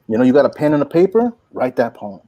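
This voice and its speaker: A man in his forties, a poet and workshop teacher, telling stories in an animated, folksy way full of "like" and "you know". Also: medium pitch, fast, dry recording, lo-fi sound. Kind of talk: inspirational storytelling talk.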